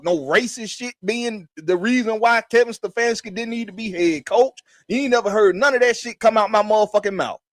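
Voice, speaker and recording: A man's voice: sits high, no room sound, clean studio sound. A man hosting a sports podcast, talking heatedly with lots of repetition and swearing. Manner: emphatic, repetitive, swears freely. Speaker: podcast host. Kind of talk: heated casual sports talk.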